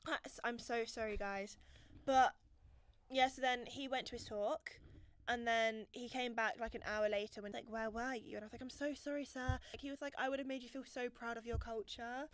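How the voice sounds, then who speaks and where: A young woman, co-hosting a casual podcast chat and telling stories in an animated, giggly way. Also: fairly high pitch, brisk, dry recording. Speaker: podcast co-host.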